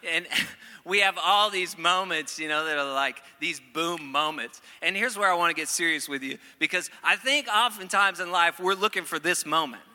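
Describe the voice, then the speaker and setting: A middle-aged man preaching a sermon, playful and animated at first, then earnest. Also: a little high, normal speed, in a large hall. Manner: playful, acts out quoted voices, then earnest. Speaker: pastor.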